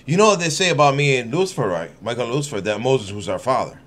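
A man's voice: fairly low pitch, expressive, quick pace, few pauses, fairly bright tone, slight background noise. A man reading scripture aloud on his channel, breaking off into rambling, irreverent asides with frequent laughter. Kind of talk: casual scripture reading with running commentary.

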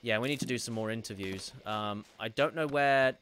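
A man's voice: medium pitch, normal speed, crowd noise. A man streaming a video game live, joking around, thanking viewers for donations and reacting to scenes. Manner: joking, self-deprecating, reads out donations.

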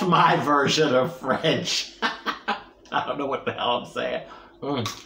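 A mukbang vlogger with a rumbling low, fairly bright voice chats playfully with viewers while eating, speaking slowly but very animatedly. She cracks jokes and lets out long hums of pleasure over each bite, in a room with a roomy echo.

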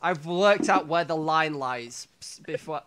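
A man's voice: fairly high pitch, measured pace, crowd noise. A man co-hosting a podcast in casual chat, rambling and restarting his sentences, swearing casually. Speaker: podcast co-host.

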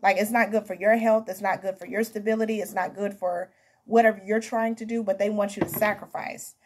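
Husky-voiced woman reading tarot. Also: medium pitch, fairly even intonation, brisk. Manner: chatty, talks to viewers as "honey" and "baby"; emphatic, repeats herself. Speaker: tarot reader. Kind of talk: casual tarot reading to camera.

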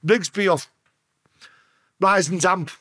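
Guesting on a podcast, a Liverpudlian man spins a slow, casual story in a close, dry recording with his voice pitched fairly high for a man. Profanity flows freely, and when he quotes others he slips into their voices, pitch leaping up and down.

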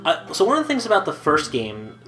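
A man's voice: fairly high pitch, huge pitch swings, brisk, a bit bright. A man co-hosting a casual let's play with joking, playful banter. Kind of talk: casual gameplay commentary. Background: game music.

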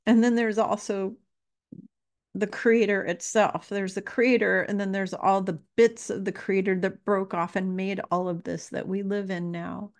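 A woman giving an earnest, casual spiritual talk, repeating phrases and pausing with fillers as she grows emotional. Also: mid-range voice, little pitch movement. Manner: earnest, emotional, pauses to collect herself. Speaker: spiritual teacher.

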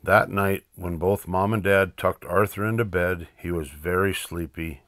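An older man reading a children's picture book aloud in a lively, expressive way. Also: sits low, unhurried, no room sound, clean studio sound. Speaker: storyteller.

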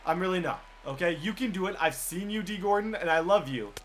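A young man commentating his baseball video game, animated and talking to viewers, sometimes bursting into shouts. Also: high voice, a little fast, a little hiss or hum. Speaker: gaming YouTuber. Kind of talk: excited gameplay commentary.

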